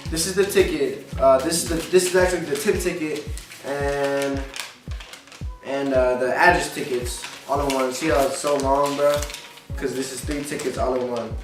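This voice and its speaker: A man's voice: mid-range voice, steady tone, normal speed. Exasperated man venting into a distant mic. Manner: frustrated, profane, repetitive venting. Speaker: vlogger. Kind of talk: casual vlog rant. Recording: echoey room, distant mic, faint music.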